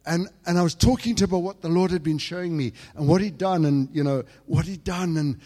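This sermon comes from an English man whose voice is on the high side and a little fast, trailed by long reverb. Sharing a personal story, he alternates quiet, hushed stretches with fervent, loud outbursts.

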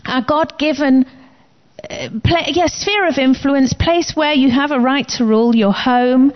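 A woman preaching a sermon in an emphatic, declaring manner. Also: unhurried. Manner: emphatic, declaring commands with rising pitch. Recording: slightly dull lo-fi recording.

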